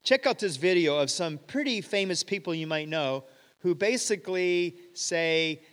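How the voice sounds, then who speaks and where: A middle-aged man preaching a sermon, telling a story with rhetorical questions and animated quoting. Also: sits high, unhurried, clear, resonant tone. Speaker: pastor. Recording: long hall reverb.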